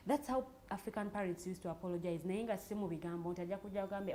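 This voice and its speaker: A Ugandan woman on a chat show, laying out her thoughts in quick, steady speech. Her voice sits at a mid pitch. Faint room noise hangs behind her. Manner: reflective, explains her views at length, mostly in Luganda. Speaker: co-host. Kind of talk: casual panel chat.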